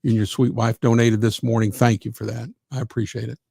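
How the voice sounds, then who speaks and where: A man's voice: mid-range voice, flat delivery, fast, vocal fry, a little mellow, breathy edge, dry recording, studio quality. A man hosting a live gospel radio show, chatty and effusive as he reads listener comments and thanks them. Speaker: radio host.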